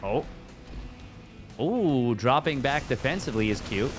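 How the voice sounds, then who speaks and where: Male solo caster, jokey and excitable, mid-pitched, faint music under him. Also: measured pace. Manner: jokey, excitable, riffs and sing-songs. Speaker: esports caster. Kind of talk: solo game commentary.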